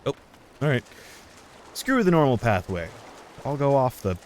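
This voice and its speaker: A man's voice: mid-range voice, sing-song, unhurried, a little mellow, a little hiss or hum. A man streaming a video game, chatting casually, chuckling and thinking aloud. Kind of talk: casual gameplay commentary.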